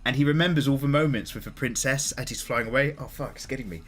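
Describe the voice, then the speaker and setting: A man in his thirties, an artist chatting casually on a live stream, talkative, openly emotional and quick to swear. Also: mid-range voice, fairly bright tone. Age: 30s. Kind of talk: casual livestream chat.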